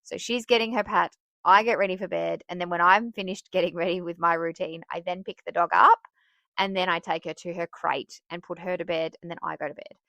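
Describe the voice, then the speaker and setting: Bright, chatty woman host. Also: on the low side, fairly quick, creaky, no room sound. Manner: chatty and self-laughing, with bursts of excitement. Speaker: podcast host for teachers. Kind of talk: casual advice talk.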